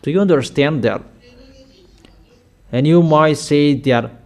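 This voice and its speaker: Slow, emphatic male preacher. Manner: emphatic, repetitive preaching with sudden loud high outbursts. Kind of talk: sermon.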